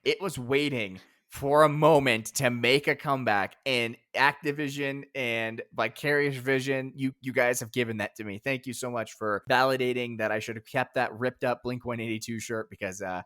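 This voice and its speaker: A man co-hosting a podcast in casual chat, enthusiastic and excitable. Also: mid-range voice, moderate pace, hardly any pauses. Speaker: podcast co-host.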